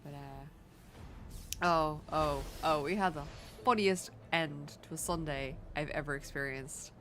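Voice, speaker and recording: Irish woman streamer, lowish voice, lively yarn-spinner, soft music underneath. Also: slow. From Ireland. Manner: animated storyteller, jumps high when quoting people. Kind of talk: casual chat while gaming.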